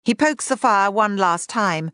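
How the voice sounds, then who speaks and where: A woman narrating an audiobook in a measured, even reading. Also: mid-range voice, clean tone, no room sound, clean studio sound.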